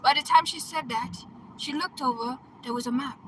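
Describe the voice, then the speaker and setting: High, bright-voiced excitable woman. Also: moderate pace, slight background noise, low-quality recording. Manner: excitable, laughing, bursts into loud exclamations; chatty, checks in with "right?" and "okay?". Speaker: coach. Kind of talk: casual retelling of a film plot.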